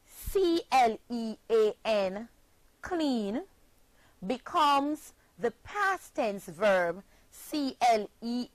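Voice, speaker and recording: A woman teacher from Jamaica giving a scripted spelling lesson, speaking slowly and spelling words out letter by letter. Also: fairly high pitch, a bit bright, no echo, poor audio.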